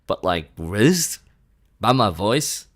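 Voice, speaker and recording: Animated male streamer. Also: fairly low pitch, takes it slowly. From Philippines. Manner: animated, laughs often, swears casually, says bro a lot. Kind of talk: casual live-stream chat.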